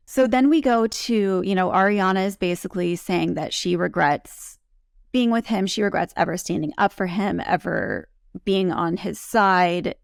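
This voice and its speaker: Woman with a gravelly, chatty voice. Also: fairly low pitch, a little slow, dry recording, studio quality. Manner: chatty, quotes others in lively bursts. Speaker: recap co-host. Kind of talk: casual recap chat.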